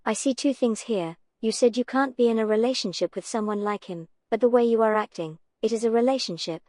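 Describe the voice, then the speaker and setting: A woman's voice: fairly high pitch, fairly quick, darkish tone, no room sound. A woman giving reaction commentary in a sarcastic, dry, cutting manner.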